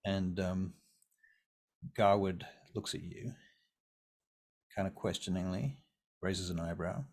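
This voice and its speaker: A man narrating as game master of a tabletop role-playing game, in a lively, stammering way. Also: low-pitched, slow.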